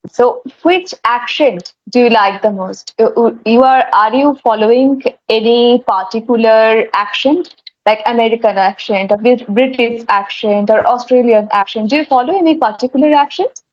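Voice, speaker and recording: Woman, higher voice, earnest host who stumbles and restarts over a dull lo-fi call line. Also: moderate pace. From India. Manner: earnest, hesitant with many fillers and restarts. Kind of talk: casual conversation practice. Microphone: video call.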